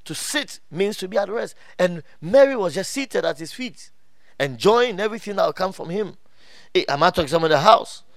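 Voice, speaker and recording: A male pastor preaching an animated sermon, laughing often and calling out to the congregation. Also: high-pitched, brisk, dry recording, clean studio sound. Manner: laughs often, many restarts and fillers.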